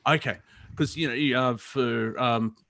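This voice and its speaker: A man's voice: mid-range voice, steady tone, gravelly, fairly bright tone, no room sound. Male caller, lots of ums and uhs, chuckles, dry close sound. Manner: rambling, halting with many fillers, laughs. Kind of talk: casual chat.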